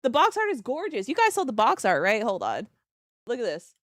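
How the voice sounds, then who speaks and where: A young woman streaming live, teary and excitable, rambling and giggling as she reacts. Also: on the high side, a little fast, dry recording, studio quality. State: teary from crying.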